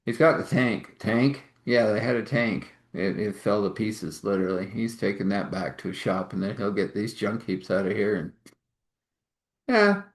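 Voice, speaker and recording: A man telling a spiritual story in a relaxed way, laughing often. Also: fairly low pitch, moderate pace. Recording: roomy echo.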